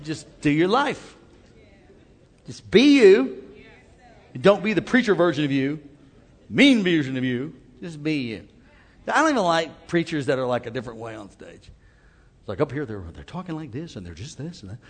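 A man's voice: a little high, sing-song, moderate pace, long pauses. A man preaching a sermon, mixing call-and-response cries with casual asides. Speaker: pastor. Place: church sanctuary. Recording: long hall reverb.

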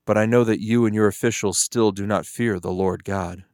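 Male reader doing a firm, earnest prophet in a Bible reading; low pitch, close and dry. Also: steady tone, moderate pace, a little mellow, no room sound, close to an everyday voice. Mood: resolute. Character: Moses, a resolute male prophet.

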